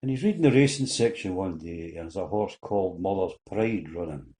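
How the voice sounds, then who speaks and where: A man's voice: low-pitched, lively intonation, fairly quick, dark tone. An older man with a Scottish accent telling a string of folksy jokes while seated, slipping into little voices for the characters.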